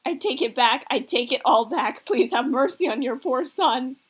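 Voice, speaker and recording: Brief: woman voicing a mortified teen boy, exasperated, fairly high voice. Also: lively intonation, moderate pace, fairly bright tone. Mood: flustered. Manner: flustered, exasperated. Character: embarrassed teenage boy, flustered and sarcastic.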